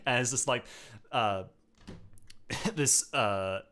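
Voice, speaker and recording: A man's voice: mid-range voice, drawn-out words, pushed and bright. Australian male host, easygoing chat, laughs a lot, reads out comments. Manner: giggly, says "oh dear" often, reads chat aloud. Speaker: show host. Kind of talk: casual livestream chat.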